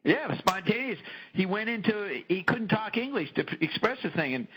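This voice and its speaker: A middle-aged man hosting a casual talk show, telling animated anecdotes and swearing freely. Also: high voice, a little fast, crowd noise, rough recording. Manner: animated storyteller, frequent profanity. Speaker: podcast host. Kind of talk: casual conversation.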